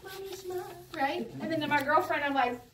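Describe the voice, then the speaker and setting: A fairly high-voiced woman leads a relaxed class, joking and laughing as she goes. She sits back from the microphone in a roomy, echoing space, with a faint hiss of room noise underneath. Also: brisk, recorded from a distance, crowd noise. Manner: playful, laughs often, sing-song when demonstrating. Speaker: Hebrew teacher. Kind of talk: casual classroom teaching.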